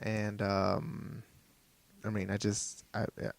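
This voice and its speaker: A man co-hosting a casual podcast chat, excitable and stammering, swearing at times. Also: fairly low pitch, slow, vocal fry, no room sound. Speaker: podcast co-host.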